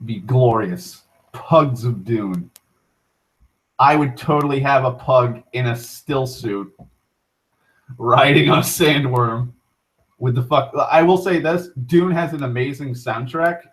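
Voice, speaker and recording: A young man hosting an online talk show, rambling casually with frequent profanity, restarts and excited tangents. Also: medium pitch, slow pace, low-quality recording. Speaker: internet talk show host.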